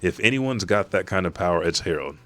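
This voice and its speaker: Guy voicing a cocky pirate boss, scoffing, deep and casual. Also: animated, a little fast, a bit bright, soft background music. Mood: boastful. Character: brash male pirate captain, boastful schemer.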